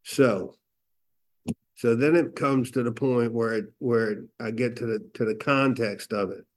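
A man's voice: mid-range voice, unhurried. Man telling a candid recovery story. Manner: candid storytelling with quoted dialogue and fillers. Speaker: recovery meeting speaker. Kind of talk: personal testimony.

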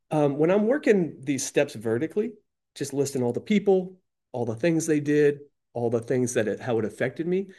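A man's voice: medium pitch, dark tone. A man in recovery candidly sharing his experience with the steps, talking casually with slang and lots of restarts. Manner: casual, slangy, self-deprecating, many restarts. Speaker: AA member sharing.

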